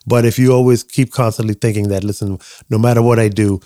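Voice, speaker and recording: Family stories come from the host's father, an older dentist, who reflects casually in a podcast interview and acts out the dialogue he recalls. He speaks at a quick pace in a warm, lowish voice with fairly even intonation, recorded at studio quality with no echo.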